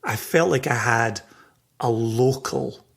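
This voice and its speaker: A man's voice: medium pitch, takes it slowly, vocal fry, fairly bright tone, slightly rough. A Scottish man co-hosting a podcast in casual chat, reflective and heartfelt, chuckling between thoughts. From Scotland. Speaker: podcast co-host.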